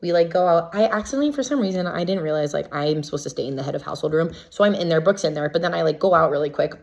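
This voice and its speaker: Low-voiced chatty young woman recapping gossip. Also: very fast, vocal fry. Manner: chatty, filler-heavy with constant "like"; gossipy and animated when quoting others. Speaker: reality show contestant. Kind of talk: casual recap storytelling.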